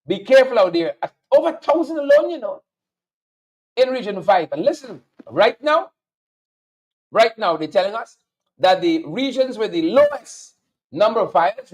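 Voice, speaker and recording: Male host with a Guyanese accent, high and animated, sarcastic political commentary. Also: highs cut off. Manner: sarcastic, mocking, repeats lines for emphasis. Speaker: show host.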